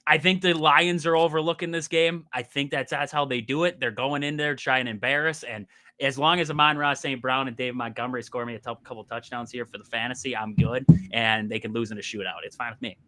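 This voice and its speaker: A man co-hosting a sports podcast, talking in an animated, exasperated way and laughing often. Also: mid-range voice, a little fast, slight background noise. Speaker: podcast co-host. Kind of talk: casual sports chat.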